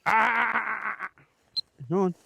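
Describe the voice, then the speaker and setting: A man's voice: high voice, steady tone, very slow, creaky, sharp tone, slightly rough, no echo. A man who trains gundogs explains his commands in a chatty way while working his dog outdoors in a field, breaking off to call short commands to the dog. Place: outdoors in a field beside a game crop.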